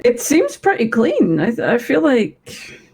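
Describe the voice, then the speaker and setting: A woman's voice: a little high, huge pitch swings, takes it slowly, creaky, a little mellow, husky, rough recording. A woman role-playing in a video game, playful and giggly.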